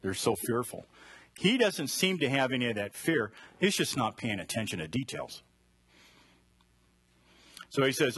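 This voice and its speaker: A man's voice: mid-range voice, big pitch swings, a little slow, pauses often, fairly bright tone, husky. A man teaching a conversational Bible study sermon and asking his listeners direct questions. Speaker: preacher.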